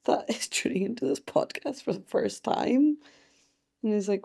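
A woman's voice: a little high, normal speed, gravelly, warm tone, slightly rough. A young Scottish woman hosting her own podcast diary, self-mocking and playful, sometimes slipping into a sing-song teacher voice. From Scotland. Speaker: podcast host. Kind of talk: chatty solo podcast diary.

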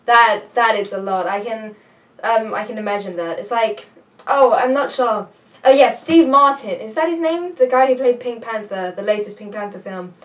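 A young woman vlogging at home, chatting to a camera on a tripod in a rambling, excitable way, a little out of breath. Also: a little high, normal speed. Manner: rambling, restarts often, excitable. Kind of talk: casual chat to camera. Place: home room with a computer. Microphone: camera on a tripod, some distance off. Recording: voice a bit far from the mic.

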